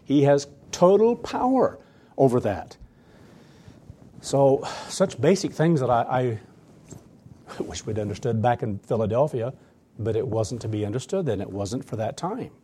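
A man's voice: medium pitch, sing-song, measured pace, pauses often, dark tone, slight background noise. A man preaching a sermon to his church, earnest and emphatic, often repeating phrases for weight. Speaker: pastor.

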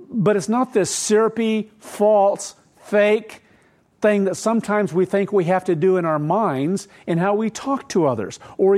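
A middle-aged pastor with a darkish, high-sitting voice preaches conversationally. He asks rhetorical questions and throws in asides.

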